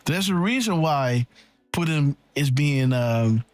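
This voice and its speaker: A man hosting a live decode show, rambling excitedly and thinking aloud, checking in with "right?" and "okay.". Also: fairly high pitch, slow pace, no room sound, faint music behind. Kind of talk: casual live-stream commentary.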